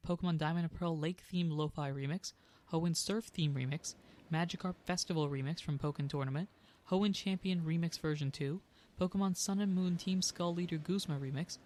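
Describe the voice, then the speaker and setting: A man's voice: a little high, darkish tone. A man running a tabletop game as game master, talking casually with fillers. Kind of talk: tabletop game narration and podcast outro.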